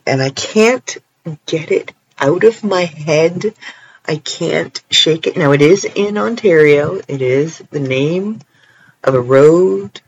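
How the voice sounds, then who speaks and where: A man's voice: on the high side, gravelly, husky, lo-fi sound. A Canadian man chatting casually and playfully on his own in a rambling vlog, tired at night. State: tired, stretching sore legs. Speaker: vlogger. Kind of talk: casual solo chat. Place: indoors, alone at night.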